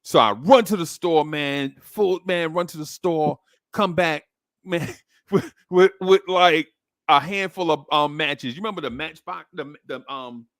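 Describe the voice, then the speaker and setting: A man casually telling a long childhood story on a podcast, animating it with quick jumps into high voices for the people he quotes. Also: fairly bright tone, no echo, studio quality.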